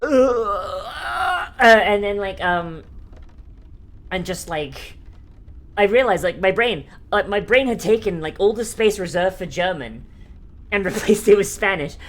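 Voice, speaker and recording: A woman's voice: mid-range voice, unhurried. A young adult woman streaming, chatting casually in a rambling, profane way with many fillers and frequent laughter. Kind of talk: casual live-stream chat.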